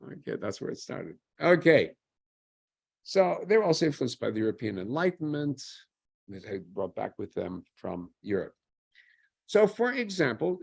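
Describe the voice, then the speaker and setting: A man's voice: medium pitch, creaky, breathy edge. A man giving an informal history lecture in a conversational way, asking himself questions and answering them with dry humor.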